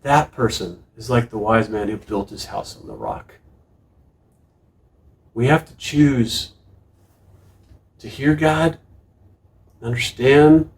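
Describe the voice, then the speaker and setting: A middle-aged man preaching a sermon as pastor, earnest and emphatic, with frequent restarts. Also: medium pitch. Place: church sanctuary. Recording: distant room mic in a church.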